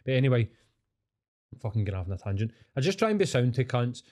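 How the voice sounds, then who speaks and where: The podcast host, a Scotsman, talks fast in a mellow, medium-pitched voice that swings widely in pitch. His casual chat drifts through rambling stories laced with swearing.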